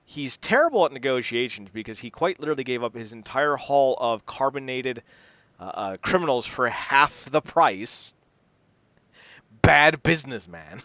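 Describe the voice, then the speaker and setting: A man co-hosting a podcast in casual, profane chat, animated and rambling with many restarts. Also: mid-range voice, normal speed, no room sound. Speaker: podcast co-host.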